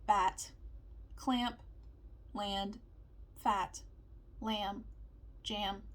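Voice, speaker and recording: Slow woman reading vowel word lists. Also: medium pitch. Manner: calm, reading word lists aloud with pauses. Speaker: teacher.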